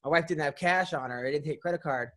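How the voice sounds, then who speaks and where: High-voiced man telling rambling stories. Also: fast talker, fairly bright tone. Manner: rambling storyteller, swears freely, many restarts. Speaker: podcast host. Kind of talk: casual comedic chat.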